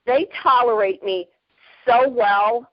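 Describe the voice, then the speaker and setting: A woman in her fifties, a podcast guest, telling stories in a lively, plainspoken way, often breaking into laughter. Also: fairly high pitch, slow, no room sound, highs cut off. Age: 50s. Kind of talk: casual storytelling.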